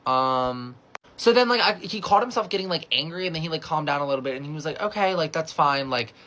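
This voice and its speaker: A man's voice: a little high, expressive, quick pace, bright, forceful tone, slight background noise. A young adult man from California telling a casual storytime, chatty and swearing freely, with lots of "like" as he acts out the dialogue.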